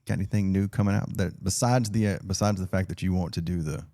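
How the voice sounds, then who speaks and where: A man's voice: low-pitched, quick pace, warm tone, dry recording. A man hosting a casual podcast, mostly giving short replies and laughing along. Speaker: podcast host.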